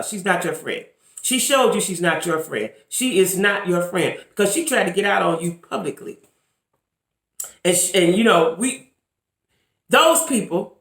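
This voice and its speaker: Talking directly to her audience, a woman delivers casual vlog commentary with lots of emphasis and repetition. The camera mic catches an echoey room and a fairly bright, medium-pitched voice.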